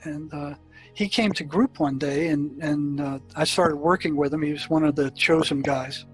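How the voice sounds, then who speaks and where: An older man tells stories from his years as a psychiatrist, his voice a touch higher than most men's. He talks in loose runs full of fillers and restarts. Faint music plays quietly under the recording. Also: fairly even intonation, moderate pace, rough recording. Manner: anecdotal, many fillers and restarts. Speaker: psychiatrist telling his experiences. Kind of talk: storytelling in an interview.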